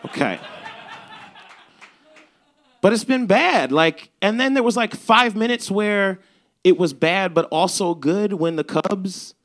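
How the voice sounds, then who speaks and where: A man's voice: sits high, lively intonation, slow, pauses often, a bit bright. A young man from Chicago's South Side telling a comedic story at a live show, swearing and acting out the lines he quotes. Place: live show at a bar venue.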